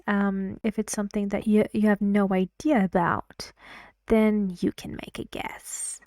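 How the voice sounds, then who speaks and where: A woman leads a pronunciation lesson, speaking slowly and sounding each phrase out so learners can copy it. Her voice sits at a middle pitch, and the recording is dry with no room sound. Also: a little mellow, no room sound. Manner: slow, repeats words to model stress and intonation. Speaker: English pronunciation teacher.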